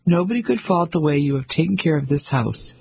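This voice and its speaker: A pompous 55-year-old banker, patronizing and blustering, as a man acts him out. The voice is very husky and gravelly, with a slightly raised pitch. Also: expressive, fairly quick, a little mellow, full character voice, rough recording.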